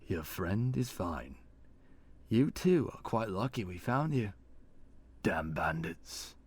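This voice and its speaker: A man voicing a calm, controlled male knight lieutenant in armor, speaking in a measured way. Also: on the low side, husky, full character voice.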